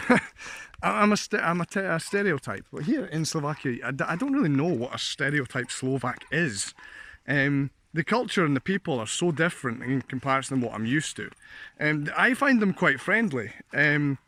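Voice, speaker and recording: A man's voice: a little high, lively intonation, normal speed, pushed and bright. A Scottish man vlogging in a casual, jokey monologue, full of fillers and laughs. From Scotland. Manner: chatty, jokey, laughs often, many fillers. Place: living in a Slovak village.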